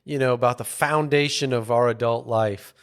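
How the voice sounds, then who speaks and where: A man hosting a podcast, asking questions in a relaxed, reflective way. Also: mid-range voice, moderate pace, clean tone. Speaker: podcast host. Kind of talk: conversational interview.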